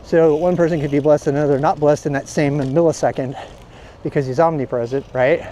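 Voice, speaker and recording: High-voiced man ranting profanely outdoors. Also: steady tone, brisk, mellow, a little hiss or hum. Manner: blunt and profane, heated ranting. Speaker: cycling vlogger. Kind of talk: casual ranting monologue while riding.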